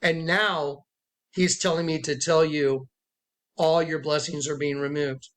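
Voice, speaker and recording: Speaking unhurriedly in a steady, somewhat bright voice on the high side, a self-styled prophet tells the camera about a dispute. His testimony is rambling and emphatic, full of repetition, with other people's words acted out loudly.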